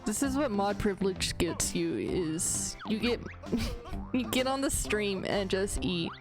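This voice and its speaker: A woman's voice: medium pitch, animated, a little slow. A woman streaming a game, chatting casually and playfully teasing, laughing often, with game music behind her. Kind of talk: casual live-stream chat.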